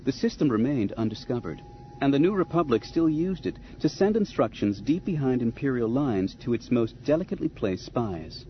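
A man narrating an audiobook in a measured, expressive storytelling manner. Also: mid-range voice, muffled recording, slight background noise. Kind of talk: scripted narration.

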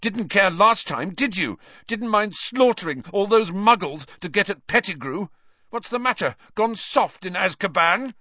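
A man reading aloud, voicing a furious teenage boy who shouts and rages. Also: sits high, expressive, measured pace, dry recording, dull audio, pitched above the performer's own voice, exaggerated voice. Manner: shouting, raging.

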